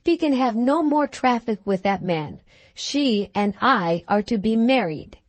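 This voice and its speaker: A woman's voice: fairly high pitch, animated, measured pace, dry recording. A woman voicing an earnest, resolute young man in a storybook, speaking up with raised delivery.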